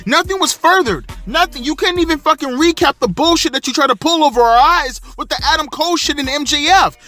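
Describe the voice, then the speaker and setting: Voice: sits high, fairly quick, sharp tone. A wrestling vlogger in an angry, profane, exasperated rant, delivering heated commentary. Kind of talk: ranting commentary.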